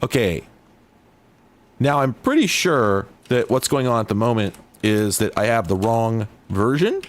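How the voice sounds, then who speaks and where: A man in the middle of the usual pitch range mutters and rambles through casual retro-gaming commentary. He is sardonic and keeps breaking off his own sentences, then starting them again. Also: expressive, unhurried. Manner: rambling, sardonic, self-interrupting. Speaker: host. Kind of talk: casual commentary while playing retro games.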